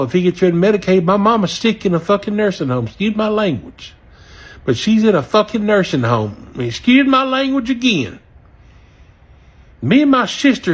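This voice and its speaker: A man from near Memphis, ranting angrily and profanely, his voice swinging between loud outbursts and low mutters. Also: slightly rough. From Southern US, near Memphis. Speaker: regretful voter. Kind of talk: angry direct-to-camera rant.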